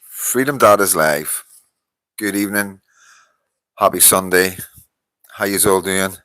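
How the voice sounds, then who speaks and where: A man's voice: low-pitched, takes it slowly, bright, forceful tone, dry recording. A tired Northern Irish man hosting a casual live stream, greeting viewers by name, laughing often and swearing freely. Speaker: livestream host reading viewer comments.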